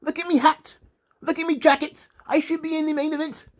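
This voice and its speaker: A man putting on a vain, whining Irish wrestler with a put-on Irish accent, complaining loudly. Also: very high-pitched, level tone, a little fast, pitched above the performer's own voice. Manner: loud, self-pitying complaints.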